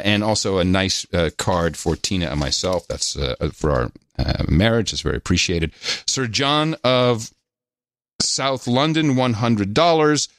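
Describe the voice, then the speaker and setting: A man hosting a podcast, reading out listener donations and notes in a casual, halting way with many filler pauses. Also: on the low side, a bit bright, no echo, studio quality. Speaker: podcast host.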